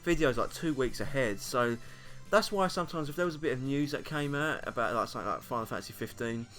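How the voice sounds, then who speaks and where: A man's voice: mid-range voice, lively intonation, fast, fairly bright tone, faint music behind. A young British man chatting casually to camera, rambling and self-mocking, often laughing between points. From Britain. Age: young adult. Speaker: YouTuber. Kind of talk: casual vlog monologue.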